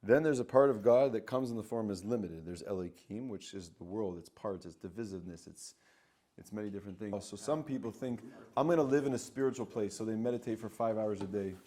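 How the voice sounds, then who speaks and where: Animated man teaching spiritual ideas. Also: fairly low pitch, brisk. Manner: animated, acts out inner voices, repeats phrases. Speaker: spiritual coach. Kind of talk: teaching talk.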